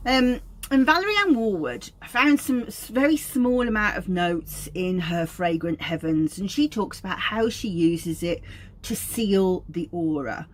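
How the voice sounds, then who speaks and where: A woman, an aromatherapist, giving an informal teaching talk in a meandering, anecdotal way. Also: fairly low pitch.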